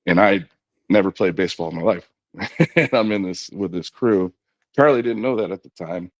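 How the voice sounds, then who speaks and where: A middle-aged man, a podcast guest, telling a long personal story in a relaxed conversational way, quoting others in his own voice with frequent "you know" and restarts. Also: low-pitched, moderate pace, no echo, highs cut off. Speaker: podcast guest, former knuckleball pitcher.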